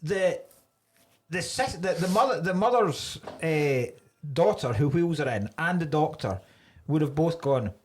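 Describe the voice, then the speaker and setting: A man co-hosting a comedy podcast, ranting in an animated way and swearing freely. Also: a little high, a little slow. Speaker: podcast co-host. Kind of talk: casual comedic chat.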